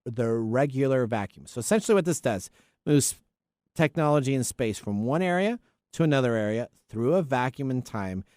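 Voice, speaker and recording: A male podcast host talks through tech stories in a loose, rambling way and keeps tripping over names. His pitch swings widely and his delivery is animated. The close studio mic sounds dry, with no room echo. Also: moderate pace. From US Pacific Northwest. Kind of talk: casual tech podcast chat.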